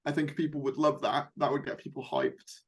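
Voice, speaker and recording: A man's voice: a little high, sing-song, brisk. Chatty young man, fan host. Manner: chatty, rambling with fillers. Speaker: YouTube host. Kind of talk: casual fan discussion.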